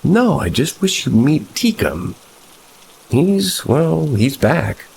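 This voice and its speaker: An eerie young woman with a high, lilting, childlike voice, as a deep-voiced male narrator puts her on. She speaks dreamily, with a sing-song lift, in a spoken horror story over soft rain hiss. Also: sing-song, slow, creaky, exaggerated voice. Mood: eerie playful.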